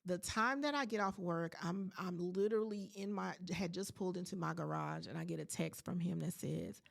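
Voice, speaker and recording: Gravelly-voiced woman telling a story. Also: fairly low pitch, moderate pace, few pauses. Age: 40s. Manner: animated, emphatic, addresses listeners directly. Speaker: podcast host. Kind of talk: casual storytelling monologue to listeners.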